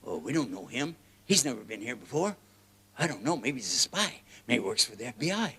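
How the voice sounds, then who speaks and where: A man with a Texan accent mimicking a suspicious, gossipy male mosque doorkeeper in a low mutter. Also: sing-song, fairly quick, pushed and bright.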